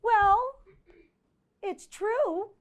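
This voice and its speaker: High-voiced woman lecturing a live audience. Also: extremely slow. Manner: conversational, often checks in with 'right?'; animated, acts out quoted exchanges. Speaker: visiting professor giving a presentation.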